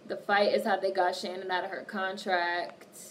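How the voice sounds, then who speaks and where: A woman's voice: mid-range voice, level tone, normal speed, fairly bright tone. A woman hosting a casual livestream, reading viewer comments aloud and answering them with plenty of swearing. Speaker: livestream host. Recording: distant mic with faint background noise.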